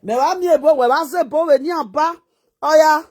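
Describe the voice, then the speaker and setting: A Nigerian woman vlogger ranting and mocking someone with rapid rhetorical questions in a scolding manner. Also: high voice, darkish tone. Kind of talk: ranting live-stream commentary.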